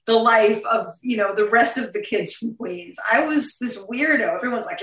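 A woman in her fifties with a New York accent, a guest talking in a casual interview, blunt, profane and quick to laugh. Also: fairly high pitch, a bit bright. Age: 50s. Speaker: actress guest. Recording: roomy sound, distant from the mic.

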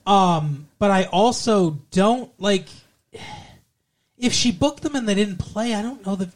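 A man's voice: high-pitched, a little slow. A man co-hosting a podcast, recapping a TV episode in sarcastic, profane, jokey chat. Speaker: podcast co-host.

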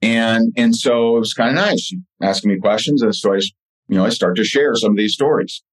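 A man's voice: lowish voice, a little fast, low-quality recording. A man speaking as an interview guest, telling personal stories earnestly with many fillers and restarts. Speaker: podcast guest and author. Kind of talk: casual interview storytelling.

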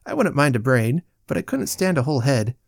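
A man's voice: medium pitch, sing-song, fairly quick, gravelly, no echo, studio quality. A man reading aloud who voices a brash young medical student in a raised, offhand tone.

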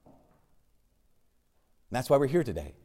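A man's voice: medium pitch, big pitch swings, a little slow, husky. Dynamic man preaching a sermon. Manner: dynamic, swings from urgent questioning to hushed emphasis; wry humorous asides. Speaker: Catholic priest.

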